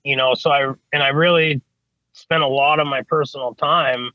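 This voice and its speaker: A man's voice: medium pitch, steady tone, moderate pace, no echo, highs cut off. A man, an HVAC service tech, telling stories casually in an interview, rambling with lots of "you know what I mean" and casual swearing. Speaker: HVAC service technician, podcast guest.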